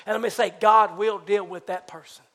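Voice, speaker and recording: Man, preacher, sermon, very high pitch, folksy, congregation call-and-response, loud bursts and quiet asides. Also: normal speed. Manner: animated, swinging from loud exclamations to hushed asides; folksy, talks back and forth with the congregation. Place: church service before a congregation.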